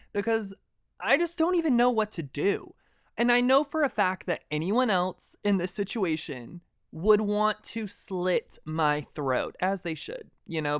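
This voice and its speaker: A young man hosting a podcast, telling a personal story in a dramatic, animated way and swearing freely. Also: high-pitched, smooth, no echo, studio quality. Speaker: podcast host. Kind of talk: casual storytelling monologue.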